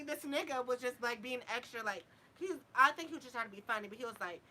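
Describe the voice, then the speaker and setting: A woman's voice: fairly high pitch, animated, fast, few pauses, sharp tone. A young woman co-hosting a podcast, chatting playfully and swearing, often laughing. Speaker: podcast co-host. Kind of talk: casual chat.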